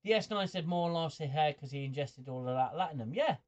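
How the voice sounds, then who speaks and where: Speaking fairly quickly with lively intonation and a slightly high voice, a male streamer works through viewer comments. His talk is chatty and halting, full of stammers, repeated words as he thinks, and frequent chuckles; he's noted as mid-range, and the recording is muffled lo-fi.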